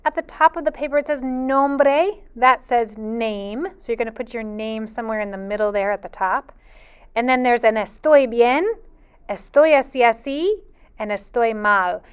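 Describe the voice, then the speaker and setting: A woman teaching a Spanish lesson to preschool children in a sing-song, patient teacher voice, drawing out her phrases. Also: fairly high pitch. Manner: slow, clear and patient. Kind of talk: video lesson for young children.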